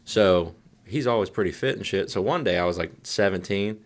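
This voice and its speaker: A man in his thirties, a podcast co-host telling profane, animated family stories in casual chat. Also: sits low, fairly quick. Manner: profane, animated storyteller acting out voices.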